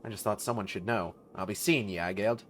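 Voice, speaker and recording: A man voicing a gruff veteran male mercenary officer, talking bluntly with rough slang. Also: on the low side, a little fast, a little hiss or hum, close to an everyday voice.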